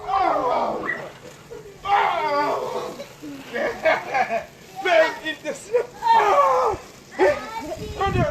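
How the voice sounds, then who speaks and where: A man vlogging outdoors in the snow, playful and laughing, often shouting and repeating himself. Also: extremely high pitch. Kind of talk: excited outdoor vlog. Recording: loud outdoor noise. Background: loud noise.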